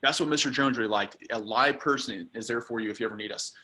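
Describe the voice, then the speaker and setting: Man, sales trainer on a team call, casual coaching delivery, filler-heavy, middle pitch. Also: fast, pushed and bright.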